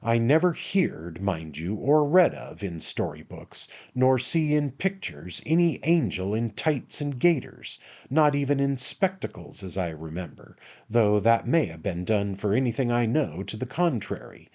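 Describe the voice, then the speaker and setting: A man's voice: on the low side, very animated, measured pace, few pauses, darkish tone. A man voicing a brash, emphatic young manservant in a storybook reading. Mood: brisk, emphatic. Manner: emphatic, bossy, argumentative.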